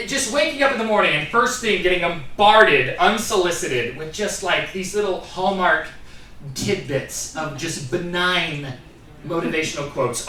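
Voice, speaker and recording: A man doing a stand-up comedy set on a theatre stage, animated, acting out characters in shouted voices. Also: fairly high pitch. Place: theatre stage with live audience. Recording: echoey theatre, distant mic, crowd laughter. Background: audience laughter.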